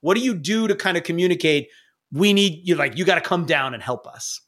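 A man narrating as game master of a tabletop game, playful and quick to laugh. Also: on the high side, lively intonation, a bit bright.

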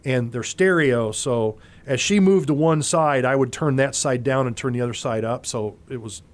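A man, a former concert monitor engineer, telling stories in a relaxed interview and acting out other people's lines as he goes. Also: mid-range voice, moderate pace. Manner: animated raconteur, acts out other people's lines. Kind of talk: casual storytelling in an interview.

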